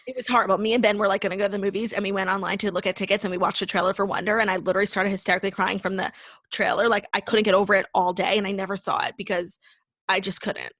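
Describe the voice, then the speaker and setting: Young female podcast co-host, quick chatty delivery full of fillers, close dry sound. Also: medium pitch, flat delivery, fairly bright tone, no room sound. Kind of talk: casual chat.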